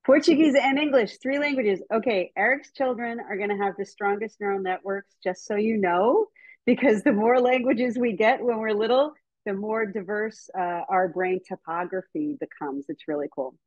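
A woman's voice: medium pitch, normal speed, no echo. Chatty American woman teaching over video call. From United States. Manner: lively and chatty, with frequent ums. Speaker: speaker on child development. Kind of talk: casual lecture to teachers and parents. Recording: dull, slightly muffled video call audio.

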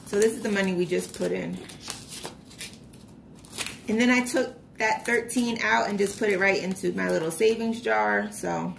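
Chatty woman with a gravelly edge. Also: medium pitch, normal speed, pauses often, slight background noise. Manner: chatty storytelling, animated retellings. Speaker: vlogger. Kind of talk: casual chat while budgeting.

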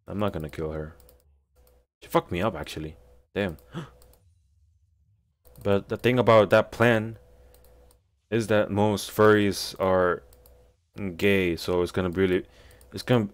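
A man with a fairly low voice gives casual, unscripted commentary over his gameplay. He swears constantly and grumbles in frustration, trash-talking his opponents as he plays. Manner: profane, frustrated trash talk. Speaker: gameplay streamer.

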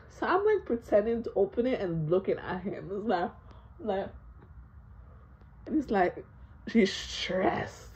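A young woman telling a storytime vlog, animated, laughing and swearing a lot, with plenty of fillers. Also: medium pitch, unhurried, long pauses, highs cut off. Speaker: vlogger.

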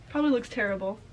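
High-voiced giggly young woman. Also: lo-fi sound. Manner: giggly, blunt, says "ew" a lot. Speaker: vlogger. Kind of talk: casual chat.

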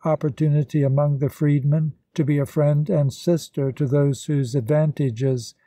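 A man narrating a classic novel as an audiobook, reading in a steady, even manner. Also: a little high, normal speed, no room sound.

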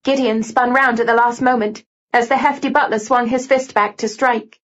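A woman narrating a novel in first person with steady, even storytelling. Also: on the high side, moderate pace, lo-fi sound. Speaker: audiobook narrator.

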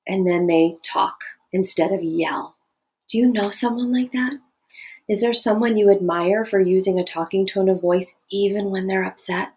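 A woman teaching a lesson to children and families in a gentle, questioning way. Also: mid-range voice, moderate pace. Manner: gentle, questioning, animated demonstrations.

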